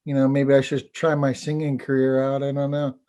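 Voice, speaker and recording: A man, a teacher and storyteller, telling a folk tale over a video call in an unhurried, halting way. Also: mid-range voice, completely flat delivery, dark tone. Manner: unhurried, halting, repeats words. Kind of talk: oral storytelling.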